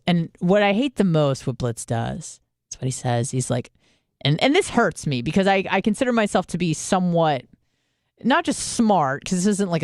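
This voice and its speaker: A woman's voice: lowish voice, no room sound, studio quality. A woman in her twenties, a radio host, telling a candid, self-deprecating story with plenty of swearing. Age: 20s. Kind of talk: casual monologue.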